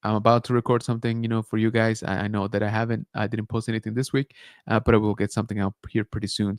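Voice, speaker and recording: A man's voice: mid-range voice, no echo, clean studio sound. A man hosting a casual late-night livestream, chatting loosely with viewers and thanking them as he signs off. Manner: relaxed, rambling, thanks viewers and reads chat. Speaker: channel host. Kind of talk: casual livestream sign-off chat.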